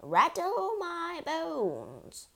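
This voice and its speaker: A woman voicing a pet parrot that mimics human voices in repetitive, drawn-out calls. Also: very high voice, huge pitch swings, gravelly, sharp tone, voice pushed up, heavily acted. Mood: spooky drawl.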